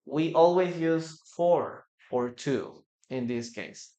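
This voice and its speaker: Slow, echoey-voiced male English teacher. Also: fairly high pitch, darkish tone. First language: Spanish. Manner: slow, repeats example sentences with raised emphasis. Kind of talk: live online English lesson.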